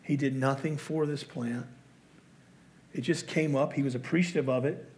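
A man's voice: medium pitch, fairly even intonation, moderate pace, darkish tone. A man preaching a sermon in a conversational, self-deprecating way, often putting rhetorical questions to his listeners. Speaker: pastor.

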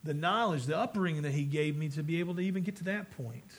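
A man's voice: a little high, fast. A man preaching a sermon as pastor, earnest and conversational, with frequent restarts.

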